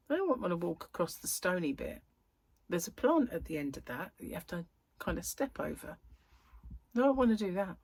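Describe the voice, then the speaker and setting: A woman chatting casually to her viewers from home, a bit croaky and tired, rambling and correcting herself as she goes. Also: on the low side, very animated, a little fast, a little mellow, dry recording. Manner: rambling, chatty, self-interrupting. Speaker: crochet vlogger. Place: at home, indoors.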